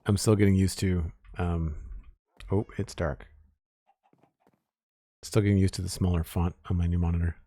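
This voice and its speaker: Deep-voiced man chatting on stream. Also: moderate pace, long pauses, no echo. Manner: relaxed, chatty, reads out chat names and thanks followers. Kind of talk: casual live-stream chat.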